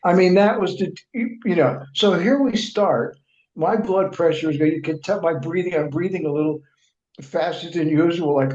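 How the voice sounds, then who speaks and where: In an echoey room with dull lo-fi sound, a male writer and reporter tells conversational stories as an interview guest. His fairly high, slightly mellow voice moves at normal speed through long anecdotes with many restarts and fillers, and he quotes others by acting out their remarks.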